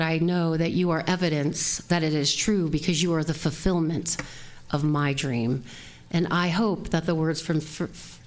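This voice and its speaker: A woman minister giving a heartfelt, earnest and direct sermon, recorded live at a spiritual center. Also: low-pitched.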